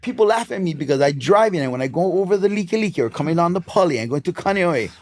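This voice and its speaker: Animated Hawaiian man in his fifties. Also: a little high, quick pace. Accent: Hawaiian English. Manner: animated storyteller, lively and emphatic. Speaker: guest, DJ and club promoter. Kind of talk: casual interview chat.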